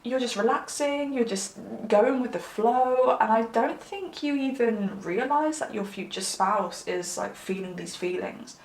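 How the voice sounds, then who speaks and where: A woman's voice: a little high, unhurried, hardly any pauses. Chatty woman tarot reader in an echoey room. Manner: chatty, affectionate, rambling with many fillers. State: slightly unwell. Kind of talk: pick-a-card tarot reading.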